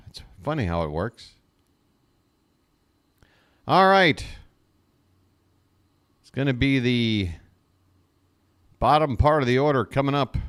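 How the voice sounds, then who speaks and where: A man doing live fan play-by-play of a baseball game, exasperated and sarcastic, with jokey asides between pitches. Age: adult.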